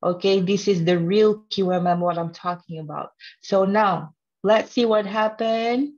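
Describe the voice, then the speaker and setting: A woman's voice: mid-range voice, a little slow, darkish tone, lo-fi sound. A woman teaching a live trading webinar in a playful, teasing way, talking straight to her viewers and laughing often. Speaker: trading instructor.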